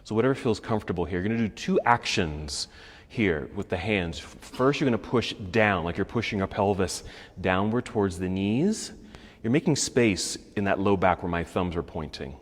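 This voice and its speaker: A man teaching a yoga class, calmly cueing poses and breaths, and he is a little out of breath. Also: low voice, normal speed, in a large hall. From United States. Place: yoga studio.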